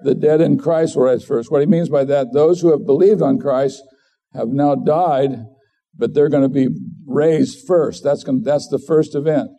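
A man's voice: medium pitch, moderate pace, mellow. A middle-aged man preaching a sermon as a pastor, earnest and conversational, often restarting his sentences.

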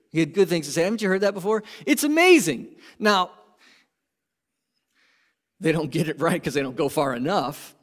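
Male pastor, higher-pitched voice, impassioned sermon delivery with swings from loud peaks to hushed lows. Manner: impassioned, swings from loud emphatic peaks to quiet low asides.

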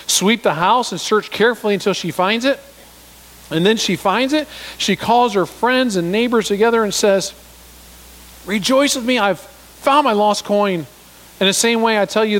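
A man's voice: high-pitched, long reverb tail. A man preaching a sermon in a conversational style, telling stories and acting out voices as he explains scripture. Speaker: pastor.

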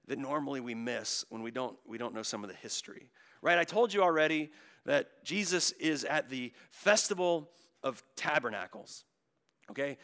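Gravelly bright-voiced male preacher. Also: medium pitch, animated, moderate pace. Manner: swings from hushed to loud, stretching key words. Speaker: pastor. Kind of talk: sermon.

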